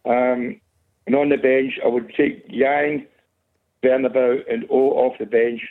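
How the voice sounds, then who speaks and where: Fan calling in, tired, short of breath, tinny phone line. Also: male voice, mid-range voice, measured pace. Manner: calm, dismissive of rivals. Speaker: caller, Celtic fan.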